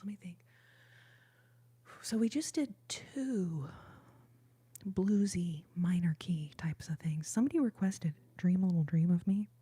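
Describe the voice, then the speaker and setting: A young woman whispers through a cozy ASMR live chat, her voice mellow and dark in tone. Her whisper is airy and breathy, loose and giggly, with faint music in the background. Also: on the low side. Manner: soft whisper, chatty, giggly. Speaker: ASMR livestream host.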